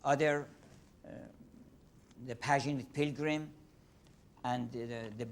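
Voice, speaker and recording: A man's voice: mid-range voice, fairly even intonation, slight background noise. Older man, Persian-accented lecturer. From Iran. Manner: halting, many fillers and restarts. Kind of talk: lecture on poetry.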